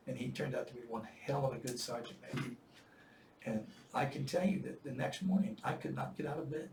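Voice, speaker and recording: An older man tells a long story in a casual, lively way, now and then acting out the voices he quotes with loud bursts. He sounds set back from the mic in an echoey room, with a faint noise underneath. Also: mid-range voice, a little fast, creaky, distant mic. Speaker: Marine veteran storyteller.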